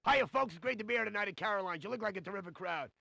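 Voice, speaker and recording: Brash nightclub comic, high and lively, rattles jokes off fast. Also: male voice, vocal fry, a crowd in the background, heavily acted. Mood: welcoming. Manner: punchy set-up and punchline delivery, quick switches into quoted voices. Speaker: stand-up comic in a game. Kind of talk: stand-up joke delivery.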